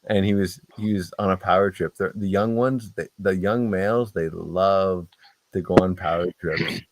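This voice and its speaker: A man, a guest on a casual podcast, telling stories in a profane, animated way. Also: low voice, normal speed, background noise. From Canada.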